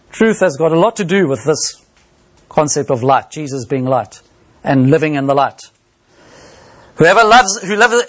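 A man preaching a sermon, expounding a Bible passage and reading scripture aloud in a measured way. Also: a little high, fairly bright tone.

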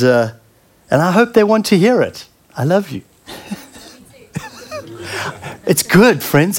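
A middle-aged man preaching a sermon in an earnest, heartfelt way, often pausing and repeating words. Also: sits high.

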